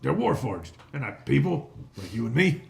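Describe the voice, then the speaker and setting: A man voicing a fat, greedy male hobgoblin boss who is loud, boastful and blustering, in a tabletop game. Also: mid-range voice, big pitch swings, normal speed, creaky, voice pushed up. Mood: scheming. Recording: echoey room, some noise.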